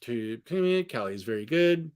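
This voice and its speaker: Hiccuping through a casual livestream, this comic collector rambles, restarts often, and fields chat questions from his bookshelf-lined apartment room. He speaks at a moderate pace with a medium-pitched, expressive voice.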